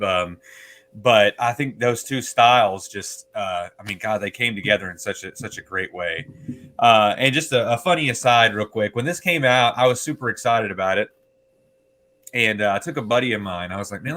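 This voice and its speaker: A man's voice: fairly low pitch, normal speed, bright, forceful tone. A man co-hosting a casual movie review chat, telling a rambling story with many fillers and restarts. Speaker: podcast co-host.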